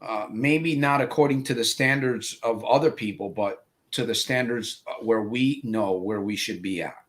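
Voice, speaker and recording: A man's voice: on the low side, moderate pace. A man hosting a live interview show, speaking in a motivational way with lots of fillers. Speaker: host.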